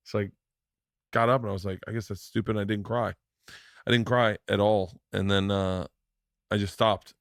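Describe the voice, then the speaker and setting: A man's voice: lowish voice, level tone, moderate pace, long pauses, no echo, studio quality. A middle-aged man hosting a podcast, telling stories in casual chat, swearing and quoting other people as he goes. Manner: swearing storyteller, quotes others. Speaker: podcast host.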